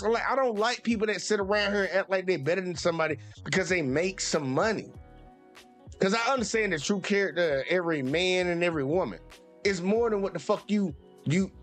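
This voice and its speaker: A man's voice: high voice, a bit bright. A man hosting a sports channel, ranting heatedly and profanely with speech. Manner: profane, exasperated, repetitive. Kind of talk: heated live-stream rant.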